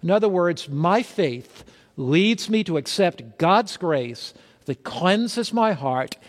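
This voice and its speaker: Man, preacher, emphatic sermon, rhetorical questions, long hall reverb. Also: a little high. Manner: emphatic, asks the crowd questions then answers.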